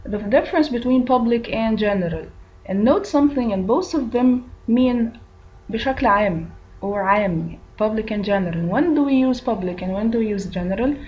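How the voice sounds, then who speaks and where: A woman's voice: on the high side, expressive, fairly quick, muffled recording, slight background noise. Egyptian woman teaching English, patient. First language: Arabic. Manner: patient, repeats answer options and glosses words in Arabic. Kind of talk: recorded English lesson.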